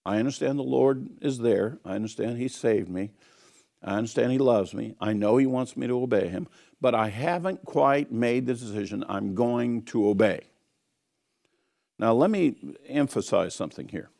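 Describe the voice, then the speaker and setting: A man's voice: mid-range voice, moderate pace, gravelly, warm tone. A man giving an earnest teaching sermon on scripture, emphatic and repeating key phrases. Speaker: Bible teacher.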